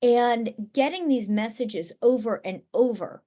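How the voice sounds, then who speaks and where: A woman's voice: a little high, measured pace, dark tone. A woman author talking as a podcast guest, earnest and at times close to tears. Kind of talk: emotional podcast conversation.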